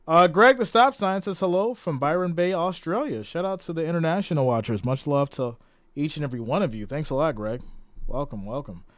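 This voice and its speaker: This man speaks at a medium pitch, and there's no room sound in the recording. He's running a live stream with relaxed play-by-play, chatty as he reads viewer comments aloud and says hello to the commenters.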